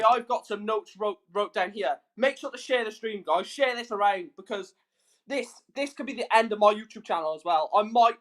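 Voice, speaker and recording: A man's voice: high-pitched, a bit bright. A man ranting on his livestream, furious and swearing, repeating himself for emphasis. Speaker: YouTube streamer. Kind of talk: angry livestream rant.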